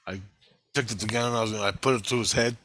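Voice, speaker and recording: A man's voice: medium pitch, fast talker, no room sound. A man telling a rambling story in a casual vlog, swearing constantly and getting worked up. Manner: profane, excitable, rambling. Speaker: vlogger recounting a vision.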